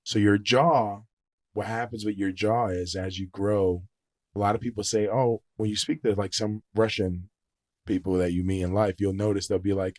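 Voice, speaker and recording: A young man on a podcast as the guest, telling stories in an animated, casual way and swearing freely. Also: on the low side, normal speed, dry recording, clean studio sound. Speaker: podcast guest, singer-songwriter. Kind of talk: casual storytelling chat.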